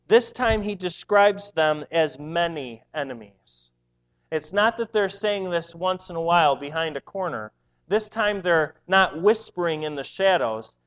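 A man's voice: a little high, animated, a little slow, fairly bright tone. A man preaching a sermon in an earnest, emphatic way, often repeating words as he drives a point home.

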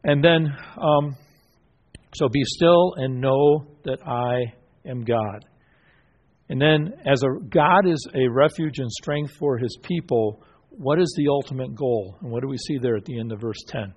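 He has a husky, medium-pitched voice, heard through dull audio. In a Bible study group he teaches by questioning and affirming answers, his speech halting and packed with fillers and restarts.

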